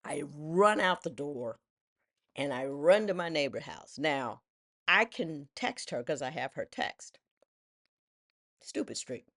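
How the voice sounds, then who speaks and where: Woman, 60s, lively self-deprecating storyteller who drops into quoted voices. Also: low-pitched, measured pace. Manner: animated, self-mocking, acts out voices in quotes. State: widowed. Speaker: vlogger. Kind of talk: personal storytelling.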